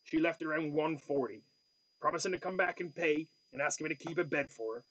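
A man's voice: on the high side, brisk, fairly bright tone, lo-fi sound. A man voicing a grasping male lodging-house manager who talks bluntly and haggles over money. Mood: grumbling.

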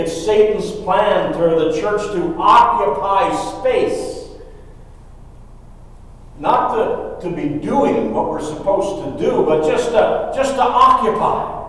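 A man preaching a sermon in a church, emphatic and repeating his key phrases. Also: high voice. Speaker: pastor. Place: church sanctuary. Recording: echoey church hall from far off.

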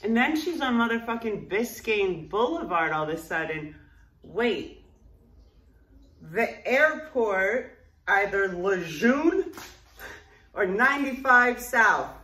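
A woman telling a personal story in a blunt, profane and animated way. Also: medium pitch, slow pace, long pauses. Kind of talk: casual spoken memoir. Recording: roomy echo, distant mic.

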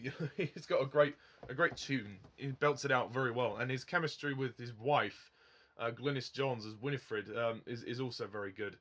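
A man's voice: mid-range voice, normal speed, fairly bright tone. A young man giving a casual film review, rambling with frequent ums and chuckling at his own remarks.

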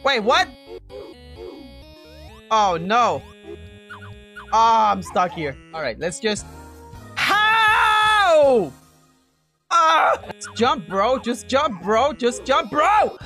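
A man's voice: sits high, very animated, slow, long pauses, pushed and bright. A man giving frantic gameplay commentary, yelping, groaning and repeating himself in frustration, with game music behind him. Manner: repeats himself in exasperated loops. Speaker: gaming YouTuber.

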